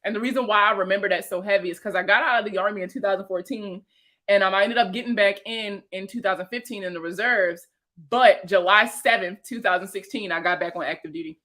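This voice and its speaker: A woman around thirty with a Baltimore accent, hosting a casual livestream chat with viewers, slangy and profane and quick to laugh. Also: medium pitch, a bit bright. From Baltimore, USA. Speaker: host answering viewer comments.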